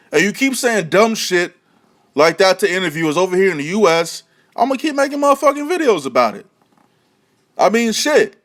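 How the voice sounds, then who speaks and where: A man giving profane boxing commentary to camera, heated, mocking and repetitive. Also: sits high. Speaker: boxing vlogger.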